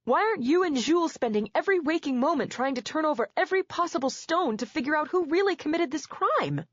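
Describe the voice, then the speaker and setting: A woman's voice: fairly high pitch, very animated, moderate pace, husky, no echo, dull audio, voice pushed up. A woman voicing a desperate wife who refuses to give in, speaking in a strained, raised voice. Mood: defiant. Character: desperate wife standing firm on principle.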